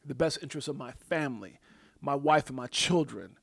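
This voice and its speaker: A middle-aged man hosts a casual crypto livestream, rambling and chatty, full of fillers and quick to laugh. His mid-range voice has lively intonation and vocal fry, and he talks fairly quickly.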